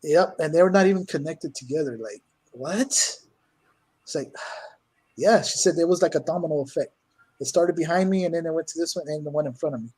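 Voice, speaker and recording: A man's voice: on the high side, fairly quick, husky, rough recording. A man as an interview guest, telling stories casually and acting out his own exclamations. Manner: animated, acts out his own lines with raised voice. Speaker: guest, cryptid hunter.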